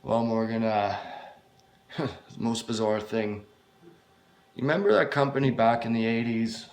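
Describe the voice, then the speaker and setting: A man's voice: medium pitch, a little slow, lightly acted. A man voicing a weary, desperate male friend who pleads hesitantly and swears as he pushes a job offer. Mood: urging.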